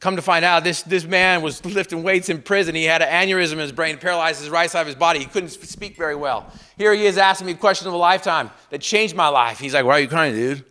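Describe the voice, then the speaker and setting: Bright-voiced man giving a motivational talk. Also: on the high side, fast, hardly any pauses. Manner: swings between loud emphatic bursts and hushed intimate lines; storytelling with repeated refrains. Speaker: motivational speaker. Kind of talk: motivational speech to an audience.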